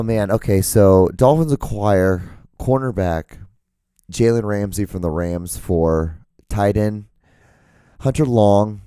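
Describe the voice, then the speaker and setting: A man hosting his own show in a casual, rambling monologue, with a hoarse, cracking voice. He swears freely and his voice jumps high when he gets worked up. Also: dry recording, studio quality. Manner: profane, excitable, voice jumps high when ranting. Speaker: podcast host. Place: home setup with lights and camera. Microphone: studio microphone.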